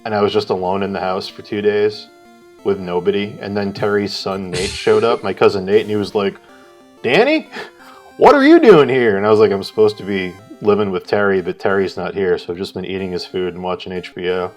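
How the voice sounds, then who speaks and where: A man's voice: low voice, level tone, a little fast, faint music behind. A man co-hosting a live art stream, telling a rambling story in casual chat, swearing and acting out what people said. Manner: rambling, swears, acts out quotes loudly.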